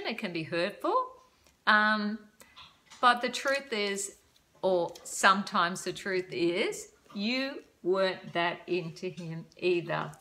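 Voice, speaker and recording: Older woman, vlog dating advice, casual chat, bright tone, laughs a lot, self-deprecating. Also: mid-range voice. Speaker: vlogger giving dating advice.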